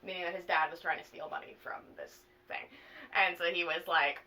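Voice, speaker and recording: Bright-voiced young woman retelling a story. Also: on the low side, a little fast, recorded from a distance, poor audio. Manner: animated, swearing, full of fillers. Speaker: vlogger. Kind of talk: casual plot retelling to a friend.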